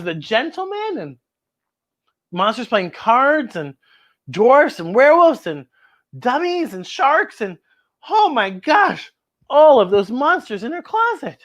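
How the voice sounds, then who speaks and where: At a children's story time, a woman reads a picture book aloud with animated expression, exclaiming over the pictures. She speaks at a measured pace in a fairly high pitch.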